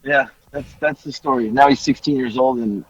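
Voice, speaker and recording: A podcast co-host in his forties tells a story during casual chat, acting out the quotes with big leaps in pitch. Otherwise his intonation stays fairly even, his pace moderate, and his voice has a breathy edge. The audio is dull and lo-fi.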